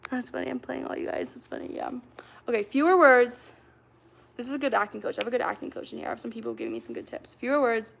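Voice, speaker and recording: A woman's voice: fairly high pitch, lively intonation, fast, gravelly, a bit bright. A young woman livestreamer chatting casually with her viewers, rambling and full of fillers as she sets up acting games. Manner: rambling, filler-heavy, talks to chat.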